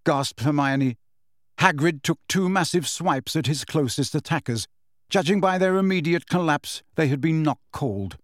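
A man's voice: fairly high pitch, lively intonation, no echo. Man narrating an audiobook, dry sound. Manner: measured storytelling with shifting character voices. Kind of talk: scripted narration.

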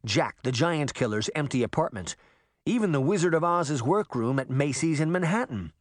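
Expressive male storybook narrator. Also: a little high, dry recording, studio quality. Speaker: audiobook narrator. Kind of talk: scripted narration.

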